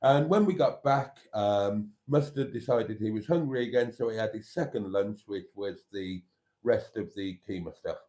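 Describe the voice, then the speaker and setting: A man's voice: fairly low pitch, moderate pace, a little mellow. A man hosting a live stream, chatting in a rambling way and reading viewer comments aloud. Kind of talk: casual live-stream chat.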